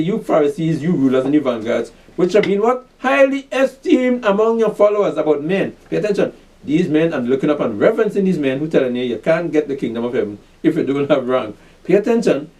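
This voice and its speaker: Male preacher, lively swooping delivery, mellow tone, recorded off mic, drills the room with call-and-answer questions. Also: fairly high pitch, distant mic, rough recording. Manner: repeats "pay attention", asks and answers his own questions. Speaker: preacher teaching a class. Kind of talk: fiery street-style scripture teaching.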